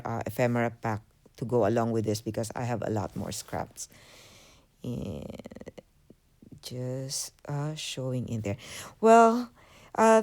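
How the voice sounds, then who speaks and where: A woman's voice: extremely low pitch, mellow, clear, resonant tone. A woman hosting a craft channel, giving a hesitant casual voiceover full of fillers as she walks through her project. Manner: hesitant, many fillers, apologetic. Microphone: voiceover mic.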